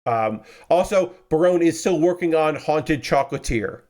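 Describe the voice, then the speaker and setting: A tired man hosting a casual model-building live stream, rambling in a relaxed way with lots of filler words and restarts. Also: fairly high pitch, moderate pace. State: tired, yawning.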